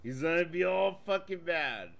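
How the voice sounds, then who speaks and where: A man commenting on a gameplay video in casual, profane chat, excitable and swearing often. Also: a little high, moderate pace, vocal fry. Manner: excitable, swears a lot, says bro often. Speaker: streamer reacting to a gameplay video.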